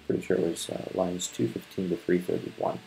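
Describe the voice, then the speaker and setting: A man reading an epic poem aloud in a measured way, then chatting casually with some stumbles. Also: low voice, level tone, creaky, dark tone, soft background music, poor audio. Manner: measured, stumbles and restarts in chat. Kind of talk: poetry reading and casual chat.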